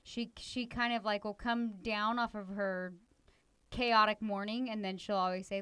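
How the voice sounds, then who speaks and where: Chatty woman with a smooth voice. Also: fairly high pitch, fairly even intonation, normal speed, a bit bright, dry recording. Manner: chatty, acts out quoted lines, says 'like' a lot. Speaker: podcast co-host. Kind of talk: casual conversation with her husband.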